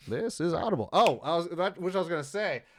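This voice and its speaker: A man's voice: a little high, lively intonation, fast talker. A young man co-hosting a podcast in casual chat, loose and profane, acting out conversations as he tells them. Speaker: podcast co-host.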